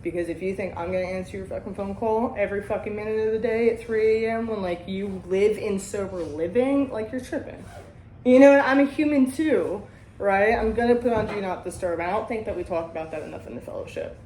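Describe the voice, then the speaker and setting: A woman's voice: mid-range voice, a little fast, darkish tone, a little hiss or hum. A woman hosting a casual talk about recovery and sponsoring, blunt and profane, often tagging her points with "right?". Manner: blunt, heavy swearing, keeps asking "right?". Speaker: podcast host and sobriety sponsor. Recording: roomy echo.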